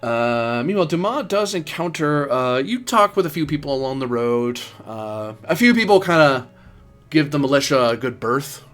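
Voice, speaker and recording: A man's voice: fairly high pitch, animated, normal speed, fairly bright tone, faint music behind. A man narrating a tabletop game as game master, in a casual, rambling way with many fillers.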